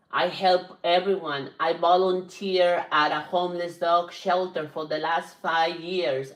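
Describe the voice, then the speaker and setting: A woman's voice: on the low side, poor audio. A middle-aged woman hosting a livestream, chatting casually and defiantly as she reads out viewer comments. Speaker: livestream host reading chat. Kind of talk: casual live chat.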